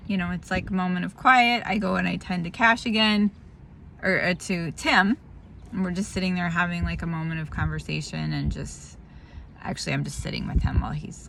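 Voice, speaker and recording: A woman's voice: on the low side, gravelly, fairly bright tone, slight background noise. A tired woman talking candidly in a casual spoken diary, rambling and laughing through a hard family moment. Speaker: vlogger sharing a family update.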